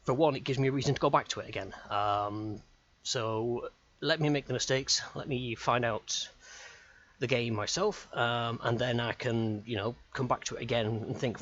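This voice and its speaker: A man's voice: medium pitch, normal speed, a bit bright, muffled recording. A man chatting live as a game streamer, rambling and self-deprecating. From United Kingdom. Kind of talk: live gaming stream chat.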